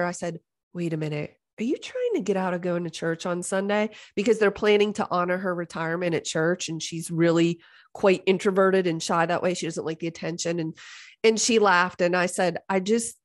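Speaking at a fairly low pitch, a middle-aged woman hosting a podcast relates a story in a casual, animated manner. Her tone is exasperated and joking, and she regularly mimics the voices of others.

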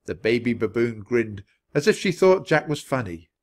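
A man reading a children's chapter book aloud with expressive storytelling. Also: medium pitch, normal speed. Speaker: storybook reader.

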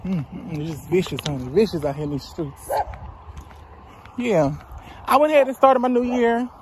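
Walking outdoors by a roadside near woods, this woman in her twenties vlogs into a handheld phone camera, offering blunt, profane advice in a casual, breathless way. Her lowish voice has lively intonation and a moderate pace, with background noise.

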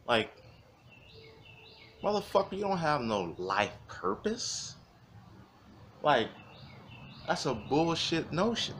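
A man's voice: on the high side, very animated, slow pace, pauses often, a bit bright, husky. Man ranting, heated and profane. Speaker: vlogger. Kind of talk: profane philosophical rant.

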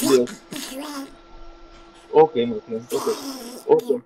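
A man on a video chat speaking broken English, calmly mocking and repeating the same lines. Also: medium pitch, takes it slowly, music in the background. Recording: dull lo-fi sound.

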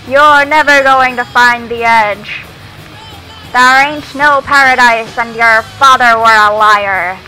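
A loud, taunting pirate captain bellows across the deck in a bright voice, as a woman reads him out from a kid's storybook. The tone stays hostile and jeering throughout. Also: on the high side, takes it slowly, soft background music, poor audio.

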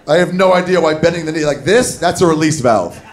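A man doing a stand-up comedy set on a club stage, telling a story with animated, shouted put-on voices. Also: fairly high pitch, brisk, slight background noise. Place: comedy club stage before a live audience. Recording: live club recording with crowd. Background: audience laughter.

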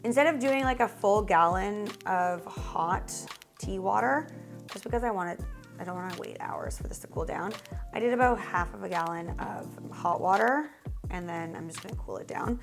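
Woman vlogger, casual and chatty, gravelly voice, background music. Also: medium pitch, normal speed. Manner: chatty, lots of "like" fillers. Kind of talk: casual cooking vlog.

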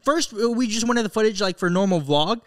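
A young man around twenty, a podcast co-host, telling a story fast and rambling with lots of fillers. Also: high voice, lively intonation, fairly bright tone. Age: young adult.

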